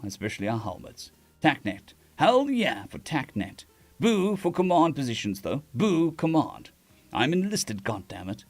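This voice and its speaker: A man reading a story aloud on a live stream, with casual restarts and asides to chat. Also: medium pitch.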